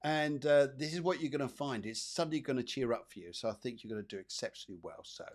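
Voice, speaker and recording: A man's voice: mid-range voice, fast, heavy background noise. A man hosting a live psychic show, giving chatty, rambling readings and often repeating his phrases. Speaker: psychic medium host.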